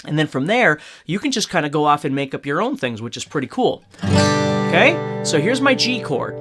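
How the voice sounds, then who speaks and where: A man's voice: fairly high pitch, big pitch swings, moderate pace. A man giving a casual, step-by-step guitar lesson, often checking in with "okay?". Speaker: guitar teacher. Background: acoustic guitar playing.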